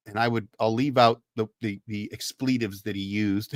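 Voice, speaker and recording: A man's voice: medium pitch, a little fast, a bit bright, clear, resonant tone, no echo, studio quality. A man in his fifties, a former Marine, casually telling a salty, folksy story with cussing on his livestream. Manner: folksy, salty veteran's yarn with cussing and laughs. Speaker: host.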